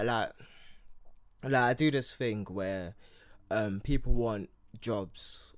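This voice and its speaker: Young man, English accent, casual podcast chat, rambling, filler-heavy. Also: mid-range voice. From Nigeria (Yoruba heritage). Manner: rambling, many fillers and restarts. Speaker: podcast co-host.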